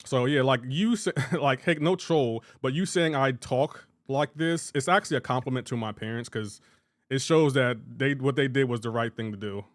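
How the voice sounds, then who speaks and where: A man's voice: medium pitch, moderate pace, dry recording, studio quality. A man from Delaware streaming a game, chatting casually, rambling and restarting his sentences as he answers chat. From Delaware, USA.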